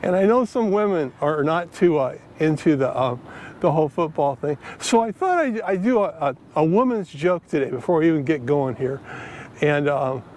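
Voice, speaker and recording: A man's voice: a little high, expressive, moderate pace, a little mellow, a little hiss or hum. A man rambling with lots of fillers as he walks through a park, filming his finance vlog on a handheld phone. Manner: rambling, chatty, with many fillers. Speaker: finance vlogger. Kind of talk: casual walking vlog. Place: outdoors, walking through a park.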